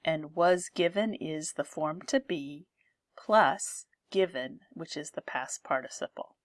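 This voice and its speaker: Woman teacher, lowish voice, very slow and deliberate delivery, dry close sound, grammar-lesson explainer. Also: no room sound. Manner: slow, careful explaining, reading example sentences aloud.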